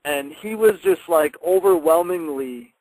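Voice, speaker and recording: A young man, a wrestler guest on a radio show, telling stories in a casual, animated way and laughing now and then. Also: a little high, measured pace, no echo, poor audio. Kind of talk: casual radio interview storytelling.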